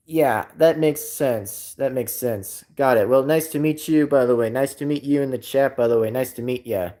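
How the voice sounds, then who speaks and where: A man's voice: medium pitch, moderate pace, mellow. A man hosting a casual live stream, reading chat aloud and rambling with many repeats and fillers.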